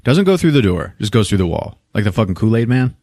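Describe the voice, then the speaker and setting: Profane, animated man retelling a movie. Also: on the low side, fast talker, dry recording. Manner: profane, animated storytelling, jumps into character voices. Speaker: podcast co-host recapping a film. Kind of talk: casual movie recap with acted-out lines.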